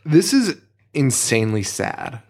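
Gravelly and mid-range, this man's voice keeps a measured pace as he co-hosts a podcast. He rants in a casual, animated manner full of profanity, recorded through a studio microphone.

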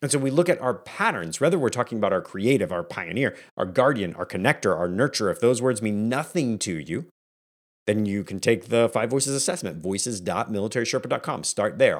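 Man, fairly low voice, podcast host, energetic, conversational, coaching tone. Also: a little fast. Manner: energetic and conversational, acting out quoted family moments. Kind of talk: solo podcast talk.

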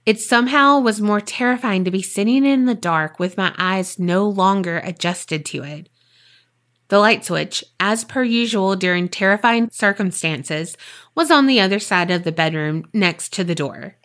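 A woman co-hosting a podcast, reading a listener's ghost story aloud and then chatting in a lively, swearing, laughing way. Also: medium pitch, moderate pace. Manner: animated, swears freely, laughs often. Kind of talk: casual chat and reading aloud.

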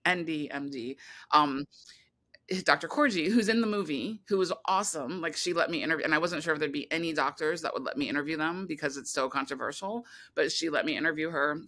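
Interview guest, bright tense tone, rambling, filler-heavy, restarts often. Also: medium pitch, fairly quick. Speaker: guest filmmaker. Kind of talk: casual interview talk.

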